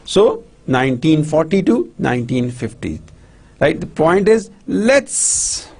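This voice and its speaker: Man, Pakistani English accent, lecturer, husky and gravelly, lively pitch, keeps asking if it is clear. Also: takes it slowly. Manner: repetitive, checks understanding often, many restarts. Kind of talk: recorded university lecture.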